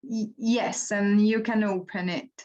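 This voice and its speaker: A woman's voice: medium pitch, fairly even intonation, a little slow, darkish tone, muffled recording. A woman giving brief, helpful instructions during an online session. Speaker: session helper. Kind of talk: online academic discussion. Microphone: video call.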